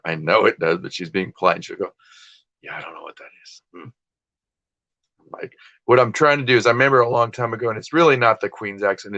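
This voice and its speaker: Streamer host, male, lowish voice, chatty, self-deprecating rambler, dry dull lo-fi sound. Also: fairly bright tone, no room sound. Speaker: livestream host listing items for sale. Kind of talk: casual livestream chat. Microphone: desktop computer and phone.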